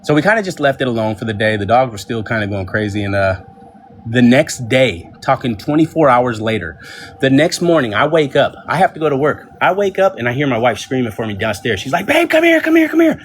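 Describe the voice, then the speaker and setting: A man telling a casual story to his viewers from his home, animated and full of restarts. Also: mid-range voice, fairly quick, slight background noise. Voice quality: animated, lots of restarts and "I'm like" quotes. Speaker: vlogger telling a pet story. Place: home, indoors.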